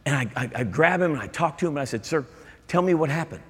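The man speaks fast, his husky, slightly high voice full of lively intonation. Preaching in a church, he is emphatic and conversational, turning to the congregation with asides, and the recording has a long hall reverb.

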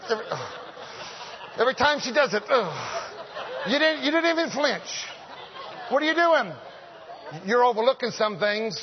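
A man's voice: very high voice, slightly rough. A man preaching a conversational sermon in a church, joking and repeating phrases as he calls out to the men. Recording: echoey hall, dull lo-fi sound.

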